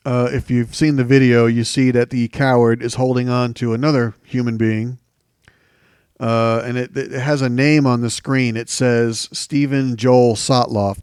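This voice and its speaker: A male talk show host speaks with a mocking, scornful edge through sarcastic political commentary. His voice sits at an ordinary middle pitch. The recording is dry and close, with no room sound. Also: darkish tone, smooth, dry recording.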